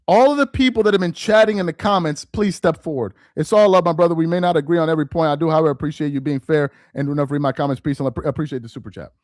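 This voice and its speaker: A man hosting a live-stream commentary, reading aloud slowly with heavy emphasis and mocking what he reads. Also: fairly high pitch, darkish tone, dry recording, studio quality. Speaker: political commentary host.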